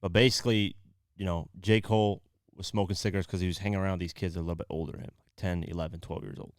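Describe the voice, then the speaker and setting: A man with a very low voice hosts a casual podcast. He retells a story in his own words and acts out the quoted lines. The sound is dry and close to the mic. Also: steady tone, fast talker, dry recording. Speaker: podcast host.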